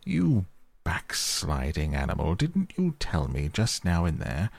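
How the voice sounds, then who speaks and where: A man with a deep, gravelly voice voicing a stern, solemn old male badger in a storybook reading, grave, firm and measured. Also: a little mellow, exaggerated voice.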